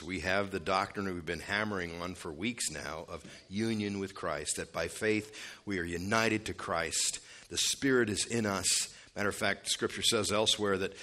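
A man's voice: fairly low pitch, bright, forceful tone. A man preaching an expository sermon as pastor, conversational with asides, leaning hard on key words as his voice rises and drops. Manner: emphatic, rising and dropping for stress.

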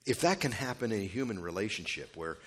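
A man's voice: on the low side, lively intonation, fast talker, a bit bright. A man preaching an expository sermon as pastor, conversational with asides, leaning hard on key words as his voice rises and drops. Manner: emphatic, rising and dropping for stress.

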